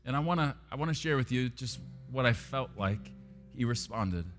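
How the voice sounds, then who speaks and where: Guy preaching a sermon, gets loud then drops to almost a whisper, soft guitar behind. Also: medium pitch, expressive, normal speed. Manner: dramatic swings between loud emphasis and hushed near-whisper. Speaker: pastor. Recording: long hall reverb with soft guitar underneath.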